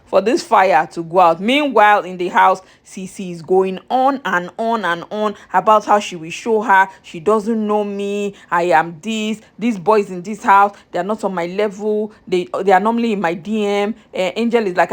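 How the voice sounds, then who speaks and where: A woman's voice: mid-range voice, normal speed, few pauses. A young Nigerian woman vlogging a chatty, exasperated recap of a reality show straight to her viewers.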